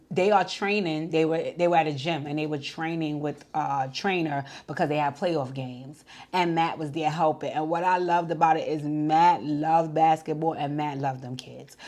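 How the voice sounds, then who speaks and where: A woman giving a casual, chatty recap of a reality show, retelling scenes and acting out what people said. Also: low voice. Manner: chatty, animated retelling with acted-out quotes. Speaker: TV show reviewer.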